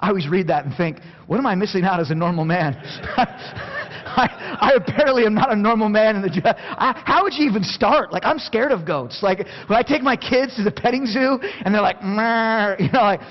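A man preaching a sermon, passionate, going from quiet to near shouting and acting out scripture quotes. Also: sits high, lively intonation, brisk. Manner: plays out Bible quotes in acted voices. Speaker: pastor. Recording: dull sound with long hall reverb.

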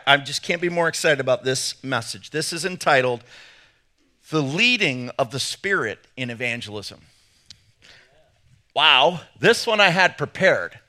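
A man's voice: a little high, pushed and bright. A man with an English accent, preaching an enthusiastic sermon with playful asides. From England. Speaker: pastor.

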